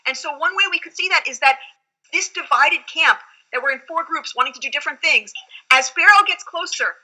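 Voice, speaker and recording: Bright, high-voiced woman rabbi teaching. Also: fairly quick, poor audio. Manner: earnest, reflective teaching tone. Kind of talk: Torah study conversation.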